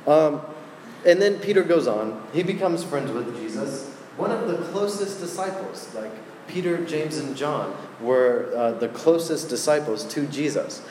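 Casual, chatty male preacher, slightly high voice, echoey hall sound. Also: expressive, measured pace, darkish tone, a little hiss or hum. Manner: conversational, filler-heavy. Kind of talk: casual sermon. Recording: echoey hall with faint ambience.

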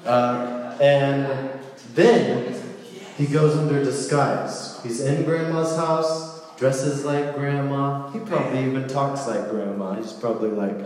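A man giving a casual, playful sermon, telling a story with lively asides. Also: mid-range voice, slow. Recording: echoey hall with long reverb.

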